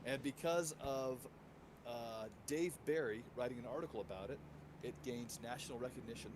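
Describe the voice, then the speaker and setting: A man's voice: mid-range voice, moderate pace. A man from Oregon co-hosting a livestream, chatting casually with wry, joking remarks. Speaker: livestream co-host. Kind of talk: casual chat. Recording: noisy home mic.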